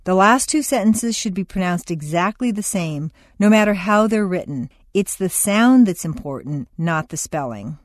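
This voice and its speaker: A woman reading a training lesson aloud in a clear, measured way. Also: lowish voice, lively intonation, no echo, studio quality. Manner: clear, measured announcing of headings and rules. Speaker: narrator of an accent lesson. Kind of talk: scripted instructional reading.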